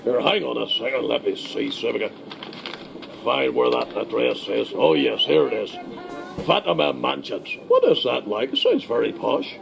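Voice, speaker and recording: A man playing a blustering, crude older Northern Irish loyalist preacher with a Northern Irish accent and a gruff voice, in a comedy sketch. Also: medium pitch, sing-song, normal speed, a crowd in the background. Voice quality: gravelly, gruff. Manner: blunt, crude and bombastic.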